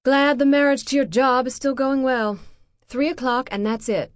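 A narrator doing a bitter, bored ex-wife. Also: female voice, mid-range voice, expressive, quick pace, dry recording, studio quality, voice pushed up, natural voice. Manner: bored, irritated, curt. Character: tired, irritated woman, bitter ex-wife.

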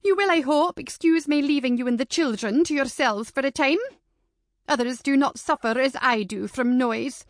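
A woman's voice: expressive, normal speed, hardly any pauses, a bit bright, dry recording, studio quality. A woman voicing a haughty, easily offended lady of a period household who speaks in a pompous, scandalized manner. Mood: indignant. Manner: pompous, scandalized, raised and shrill.

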